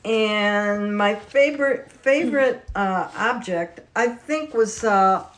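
Female guest, slow and halting, casual and unsure. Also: mid-range voice. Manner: slow, unsure, many fillers. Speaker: podcast guest. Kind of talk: casual chat.

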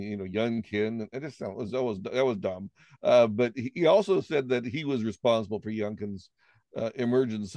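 A man co-hosting a political talk show, recorded close and dry with no room sound. He gives his opinions plainly, pausing often on "uh" as he goes. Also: lowish voice, darkish tone, dry recording. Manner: conversational, opinionated, hesitant with fillers. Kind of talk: casual political discussion.

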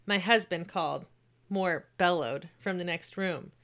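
A woman who works as a home health nurse, reading her own short story aloud and chatting casually, acting out the quoted voices with lively jumps. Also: on the low side, unhurried. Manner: animated reader who acts out quoted voices.

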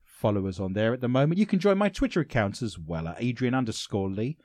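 An English man hosts a radio show from a studio, and he loves a pun and a laugh. His pitch swings lively up and down as he talks. The studio sound is dry and close. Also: fast talker, dry recording. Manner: playful, rhyming wordplay, laughs often. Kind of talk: casual radio chat. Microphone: studio microphone.

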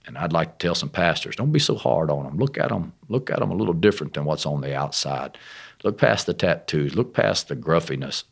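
A man, a missionary guest, telling his testimony in a folksy, rough-spoken and animated way. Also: rumbling low, fairly quick. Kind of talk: casual testimony storytelling.

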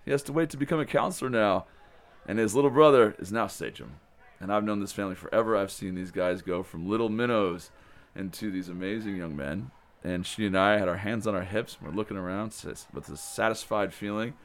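A man's voice: on the low side, brisk. A man, a camp director, telling the story of arrival day in a rambling, enthusiastic way. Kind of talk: casual spoken recap of the day.

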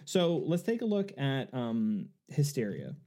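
A man's voice: mid-range voice, big pitch swings, a little slow, warm tone. A man co-hosting a casual podcast chat, telling a long anecdote with many fillers and restarts. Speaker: podcast co-host.

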